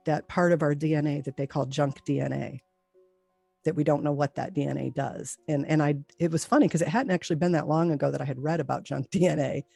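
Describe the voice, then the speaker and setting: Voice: mid-range voice, vocal fry, mellow, breathy edge. A near-death experience witness telling their story casually and reenacting the dialogue they remember. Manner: casual, reenacts dialogue with lots of "like" and "you know". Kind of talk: personal testimony.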